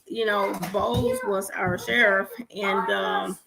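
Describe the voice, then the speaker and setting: In a casual storytelling chat, a podcast co-host in her forties animatedly acts out dialogue and swears freely. Her mid-range voice is slow, fairly even in intonation and has vocal fry, with a crowd audible behind her.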